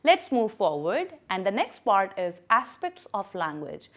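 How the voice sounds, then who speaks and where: Female primary English teacher, animated pitch, emphatic and patient, recorded lesson walkthrough. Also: measured pace. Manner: lively and emphatic, stressing syllables and key words; patient, repeats words for young learners.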